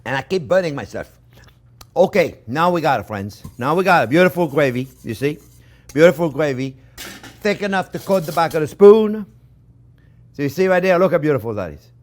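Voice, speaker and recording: A French-accented chef with a fairly high voice talks briskly and with animation during a chatty cooking demo in his kitchen. He repeats himself and treats the viewers as his friends.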